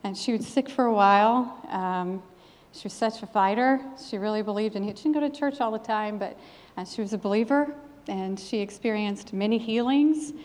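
With few pauses and a moderate pace, a middle-aged woman preaches and recounts her testimony in an earnest, emphatic cadence. Her medium-pitched voice has a darkish tone and echoes with the long reverb of a church hall.

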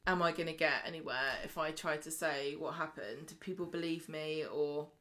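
A British woman co-hosting a podcast, briskly retelling soap episodes and acting out the characters' lines in casual chat. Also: deep voice, fairly even intonation, a bit bright. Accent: British English. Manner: brisk storytelling recap, acting out quotes. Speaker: podcast co-host.

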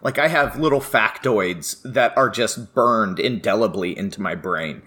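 A man's voice: lowish voice, lively intonation, measured pace, bright, forceful tone. A middle-aged man, a professor and guest, telling stories in casual podcast chat and laughing often. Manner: chatty storyteller, laughs often.

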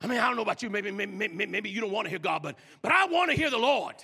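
A male pastor preaching a sermon in a church, swinging from loud shouts down to hushed whispers. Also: high voice, expressive, fast talker, creaky, breathy edge. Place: church sanctuary. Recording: long reverb of a large hall.

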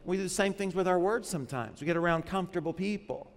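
A male pastor preaches a sermon conversationally, often putting questions to the congregation. His voice is high-pitched and quick, with a big-room sound.

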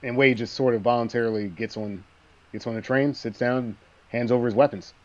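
A man co-hosting a casual movie discussion, relaxed and laughing as he retells scenes. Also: mid-range voice, a little fast, dull audio.

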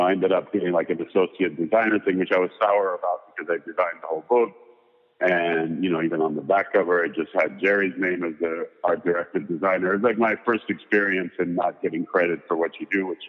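Male interview guest, low voice, rambling casual raconteur; tinny, reverberant phone-line recording. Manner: rambling, filler-heavy anecdotes. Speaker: guest, photographer and designer.

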